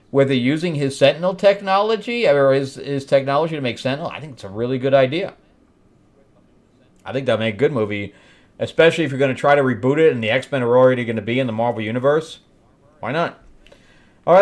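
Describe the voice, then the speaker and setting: A middle-aged man hosting a comic review show, recapping an issue in a loose, rambling way, chuckling at his own asides with lots of fillers. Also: a little high. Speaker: comic book review host. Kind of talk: casual solo recap.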